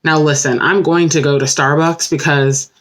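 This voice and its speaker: A woman vlogging her day in a relaxed, chatty way, with many fillers. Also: low voice, moderate pace, slight background noise. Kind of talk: casual day-in-the-life vlog. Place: home office indoors.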